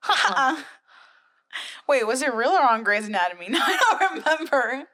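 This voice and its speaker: Bright higher-voiced woman co-host. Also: big pitch swings, moderate pace. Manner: reactive, exclaiming, rambling storyteller. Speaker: podcast co-host. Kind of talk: casual chat.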